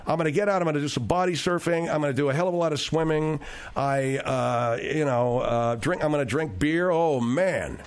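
A man's voice: on the high side, fairly quick. A man hosting a radio talk show, telling rambling, digressive stories with frequent restarts.

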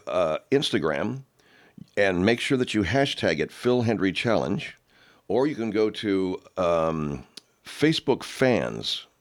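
A middle-aged man hosting a talk show, ranting with heavy profanity in a gravelly manner. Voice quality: very low, gravelly, growly rant. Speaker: radio host.

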